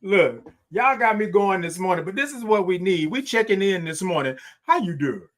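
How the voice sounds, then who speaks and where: A man's voice: sits high, expressive, normal speed, a bit bright. A man hosting a morning livestream show, chatting casually with viewers, reading their comments and calling back to them with a lot of repetition and laughter. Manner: upbeat, repetitive, call-and-response, frequent laughs.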